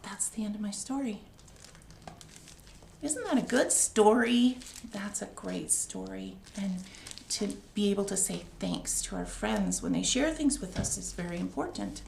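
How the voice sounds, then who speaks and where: A woman librarian reads a picture book to young children at a very slow, expressive pace. Her slightly high voice carries a gravelly grain. The sound is echoey, with faint noise underneath. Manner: slow, expressive, warm read-aloud delivery.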